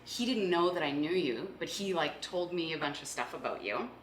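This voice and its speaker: A woman guest on a podcast, chatty and quick to agree with the host. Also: sits low, lively intonation, roomy sound, low-quality recording. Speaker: podcast guest, real estate investor. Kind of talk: casual podcast chat.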